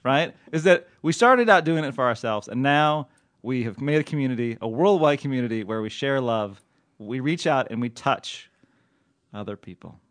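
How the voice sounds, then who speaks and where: Animated joking male podcast host. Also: mid-range voice, normal speed, dry recording. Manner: animated, joking, reads letters aloud with flair. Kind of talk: casual podcast chat.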